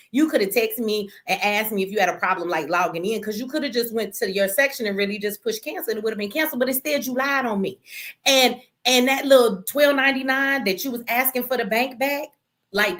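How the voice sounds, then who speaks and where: A woman with a slightly high, somewhat bright voice hosts a casual livestream from Detroit. Worn out and exasperated, she rants right at her viewers, cursing freely.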